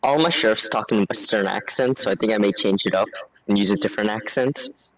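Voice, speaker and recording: A man's voice: fairly low pitch, brisk, a bit bright, rough recording. A man chatting casually as a player in a tabletop game, laid-back and explaining step by step.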